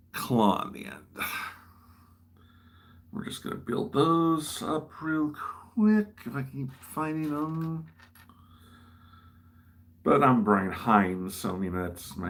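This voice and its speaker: Building a model on his livestream, this Midwestern host rambles in casual chat with plenty of self-deprecation. He has a fairly low-pitched, creaky voice.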